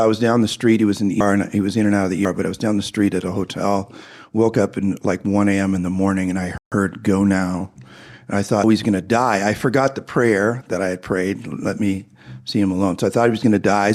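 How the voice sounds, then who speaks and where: Middle-aged man, husky low voice, earnest personal testimony. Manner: earnest, drops into hushed tones for emotional moments. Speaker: speaker giving a personal testimony. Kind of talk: personal storytelling.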